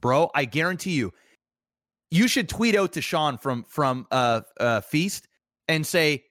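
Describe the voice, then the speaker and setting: A man co-hosting a casual podcast, telling stories excitedly and swearing often, calling his friend "bro" and "dude". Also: on the high side, measured pace, no echo, clean studio sound. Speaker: podcast co-host. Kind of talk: casual chat.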